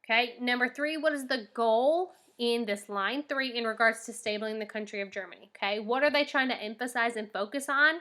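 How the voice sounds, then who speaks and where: Bright-voiced woman teacher explaining patiently. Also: fairly high pitch, brisk, few pauses. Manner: patient and explanatory, often checks in with the class. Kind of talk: recorded lesson, reading documents aloud and explaining questions.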